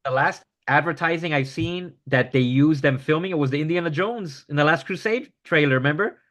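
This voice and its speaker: A man's voice: on the high side, fairly quick, fairly bright tone. A man co-hosting a podcast in casual chat, skeptical, often trailing off and mumbling. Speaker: podcast co-host.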